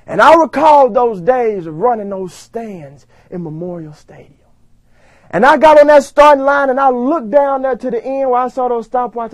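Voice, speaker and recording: A man giving a motivational speech, telling his story dramatically and swinging from loud bursts to hushed lines. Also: extremely high pitch, animated, moderate pace, dry recording. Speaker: motivational speaker.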